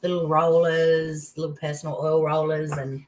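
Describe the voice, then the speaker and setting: An older woman with an Australian accent, a guest on an interview show, telling a personal story in casual chat with excited outbursts. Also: low-pitched, normal speed, slight background noise, rough recording. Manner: animated storytelling, voice leaping into exclamations.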